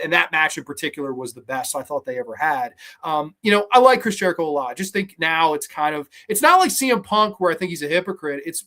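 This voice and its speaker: A man hosts a podcast, rambling through a casual review of a horror movie. He talks bluntly and swears freely, with lots of fillers and restarts, in a voice a little higher than most men's. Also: a bit bright. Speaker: podcast host.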